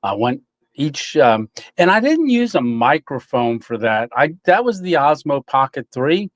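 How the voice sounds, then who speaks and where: A man's voice: mid-range voice, big pitch swings, unhurried, no echo. A middle-aged man from Tennessee, hosting a casual livestream, reading viewer comments and rambling with fillers and chuckles. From Tennessee, USA. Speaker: livestream host.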